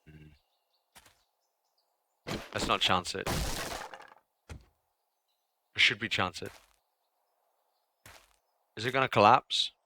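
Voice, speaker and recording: A man's voice: lowish voice, slow, long pauses, pushed and bright. A young man streaming a survival game live, chatting casually, swearing now and then, grumbling at the game and answering his chat. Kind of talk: live gameplay commentary.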